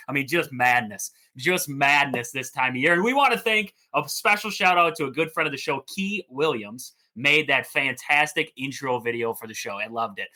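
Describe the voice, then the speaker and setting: A man hosting a casual sports podcast, excitable and rambling, often repeating himself. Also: medium pitch, normal speed, hardly any pauses. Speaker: podcast host.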